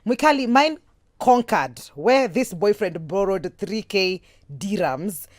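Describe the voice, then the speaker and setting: A woman's voice: medium pitch, lively intonation, takes it slowly, no room sound, studio quality. Chatty woman hosting a talk show. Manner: chatty, giggly. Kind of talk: reading listener messages on a talk show.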